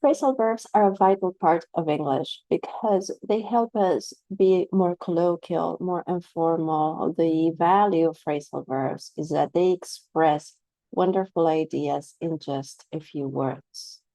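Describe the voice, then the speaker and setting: A woman's voice: sits low, measured pace, warm tone, no echo, rough recording. A woman teaching a pronunciation lesson to camera, explaining patiently and often checking in with "right?". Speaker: English teacher.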